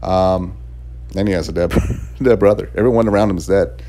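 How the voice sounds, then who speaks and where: A man with a low, warm, steady voice talks at normal speed through a casual spoken review of a video game. He's rambling and chatty, chuckling often between thoughts, with fillers and restarts.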